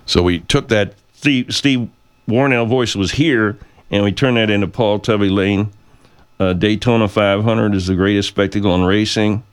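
A man hosting a radio show, talking in a meandering, self-interrupting way and swearing freely. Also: sits low. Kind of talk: rambling casual monologue.

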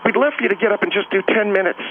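A man's voice: high voice, rapid-fire. A man calling in to a radio show, telling a story in a rambling, repetitive, showbiz-eager way. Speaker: phone guest. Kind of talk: casual storytelling. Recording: tinny phone line with faint noise.

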